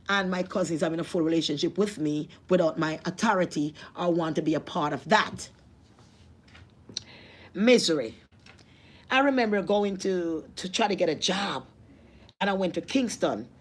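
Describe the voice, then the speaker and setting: A woman with a Jamaican accent telling a personal testimony, emotional and repetitive, with religious appeals. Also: fairly low pitch. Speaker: vlogger.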